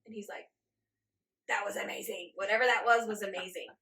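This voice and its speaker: As a guest in an interview, a forties-aged woman who works as a channeler recounts her story briskly in a mid-range voice. Her telling is animated, with frequent laughter and reenactments of her own reactions.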